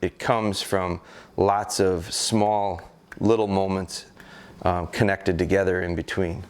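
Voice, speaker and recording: A middle-aged American man, a gun dog trainer, calmly explaining a training session and hesitating with fillers as he goes. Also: deep voice, slow, clear, resonant tone. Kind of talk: instructional talk during a training session.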